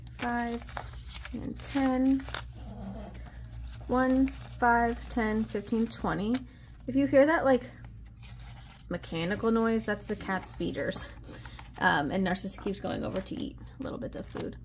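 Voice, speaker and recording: A woman's voice: fairly high pitch, slow pace, long pauses, slight background noise. A woman vlogging at her desk at home, chatting casually while counting cash aloud under her breath with little asides. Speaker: budgeting vlogger.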